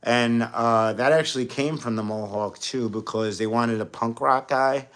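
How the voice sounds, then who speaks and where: An entertainer and actor from New York, speaking with a New York accent from a home studio, has a medium-pitched, slightly bright voice at normal speed. In a casual interview, he tells rambling stories about acting jobs, full of fillers and restarts.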